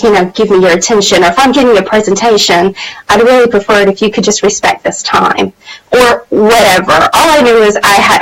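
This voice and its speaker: A woman's voice: on the high side, low-quality recording. A woman hosting a motivational live stream, telling a personal story in a candid, chatty way with plenty of fillers. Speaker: host of a women's empowerment channel.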